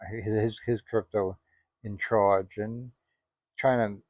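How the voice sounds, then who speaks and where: A man's voice: on the low side, steady tone, takes it slowly, darkish tone, no room sound. A man giving casual spoken commentary, rambling and indignant, full of "you know" asides. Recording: dry, dull lo-fi audio.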